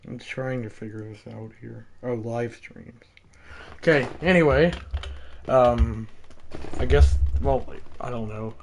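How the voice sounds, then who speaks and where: A man doing play-by-play for a baseball video game, chatting and correcting himself between plays and shouting on big hits. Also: mid-range voice, slow pace, gravelly, slight background noise. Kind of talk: play-by-play commentary with rambling asides.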